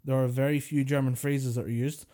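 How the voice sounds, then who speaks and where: A man's voice: mid-range voice, little pitch movement, brisk, dark tone. A man co-hosting a podcast, chatting casually about films and laughing at his own jokes. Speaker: podcast co-host. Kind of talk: casual chat.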